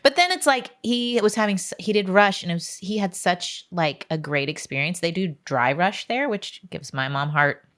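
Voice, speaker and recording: Low-voiced woman telling an emotional story. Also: expressive, normal speed, fairly bright tone. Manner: chatty, emotional storytelling with many asides. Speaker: podcast co-host. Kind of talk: casual chat. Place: podcast studio.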